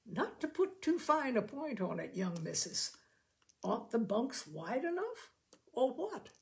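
A woman's voice: fairly high pitch, sing-song, a little slow, creaky, darkish tone, full character voice. A woman reading a story aloud and voicing a fat, shrewd, jolly male farmer with folksy country speech. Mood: coaxing.

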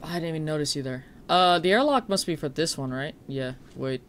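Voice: mid-range voice, a little fast, fairly bright tone. A streamer playing a horror game live, chatting and swearing, breaking into shrieks when startled.

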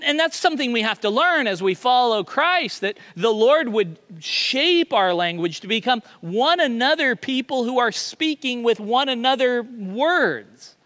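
A man's voice: very high-pitched, pushed and bright. A male pastor preaching a sermon in a confessional, self-deprecating way, often stammering and restarting.

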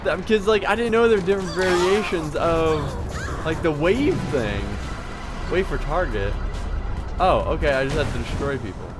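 Picture a man narrating his own gameplay in a high, bouncy voice that swings all over the place. He is excitable and quick to yelp and laugh at the chaos on screen. Loud game music and sound effects play behind him. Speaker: gaming channel host. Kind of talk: let's-play game commentary.

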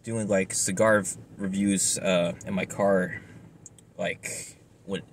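Man, cigar vlogger, very low voice, tired and stressed, rambling with fillers, faint background hiss. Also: level tone, slow pace. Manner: rambling, apologetic, many fillers and restarts. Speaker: cigar reviewer. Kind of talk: casual vlog talk.

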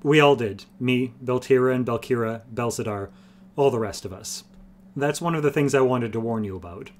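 A man's voice: mid-range voice, moderate pace, slight background noise, lightly acted. A man voicing an ancient, wry old male sorcerer who explains things blandly and patiently. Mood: wry explaining.

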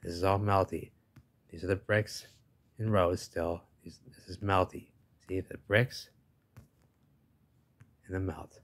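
A man with a low voice and fairly even intonation narrates over pictures as a video host, speaking slowly and pausing often. He rambles, keeps tacking on "baby" and "give me a break," and says he's losing his voice.

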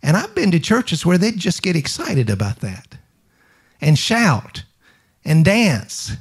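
A man's voice: fairly high pitch, sing-song, takes it slowly, slightly rough. A middle-aged man preaching a sermon. He fires rhetorical questions, repeats phrases and calls on the congregation to answer. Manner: emphatic preaching with call-and-response to the congregation.

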